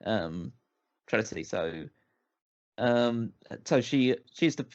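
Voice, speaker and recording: A man co-hosts a casual movie-review podcast, rambling animatedly and restarting his sentences a lot. His voice is mid-range and slow, and the audio sounds dull.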